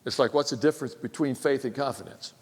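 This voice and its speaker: A man preaching a sermon, asking his listeners rhetorical questions and swinging between loud exclaimed lines and near-whispered quiet ones. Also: medium pitch, fast talker, big-room sound. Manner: asks the audience rhetorical questions.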